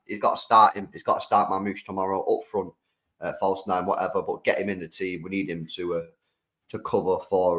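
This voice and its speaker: Brief: young British male streamer, lowish voice, slangy and animated, chatting to viewers. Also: low-quality recording. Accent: British English. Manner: slangy, animated, talks to the chat. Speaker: streamer host. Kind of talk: live-stream football reaction chat.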